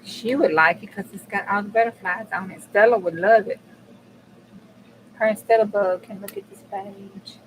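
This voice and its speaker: A woman's voice: mid-range voice, steady tone, fairly quick, few pauses, fairly bright tone, a little hiss or hum, poor audio. Woman, crafting livestream host; blunt, casual cussing, chats right to viewers. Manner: chatty and blunt, swears casually, talks to viewers. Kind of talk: casual live crafting chat.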